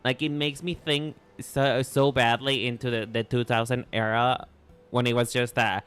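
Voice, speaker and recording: A man's voice: medium pitch, level tone, moderate pace, a bit bright, clean tone. A man with a Mexican accent, a native Spanish speaker, chatting casually on a live stream in a playful, rambling way full of restarts. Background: faint music.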